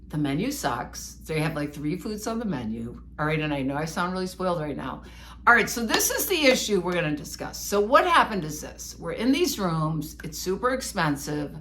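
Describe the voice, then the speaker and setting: A woman co-hosting a podcast, telling a personal story in an animated, self-mocking way. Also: lowish voice, moderate pace, slight background noise. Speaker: podcast co-host. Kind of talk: casual storytelling chat.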